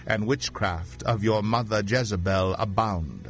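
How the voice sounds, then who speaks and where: A man's voice: on the low side, unhurried, soft background music. A man reading the part of a bold, commanding army commander who speaks bluntly.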